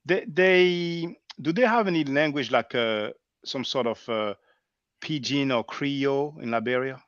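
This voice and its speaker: A man hosting an interview over a video call, asking curious questions with halting restarts. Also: mid-range voice, a bit bright, no echo, highs cut off. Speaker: host.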